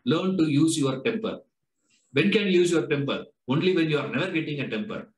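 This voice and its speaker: A man's voice: fairly high pitch, animated, fairly quick. A man with an Indian English accent teaching a Vedanta class, posing rhetorical questions and pressing students with "no?" and "huh?". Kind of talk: classroom lecture. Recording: echoey lecture room.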